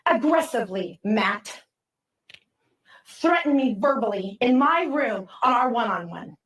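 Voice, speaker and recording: High-voiced woman heard from off-mic. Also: lively intonation, unhurried, a bit bright, distant mic. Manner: heated, rambling, apologetic. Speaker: reality show contestant. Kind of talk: emotional speech to housemates. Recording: roomy sound from off-mic.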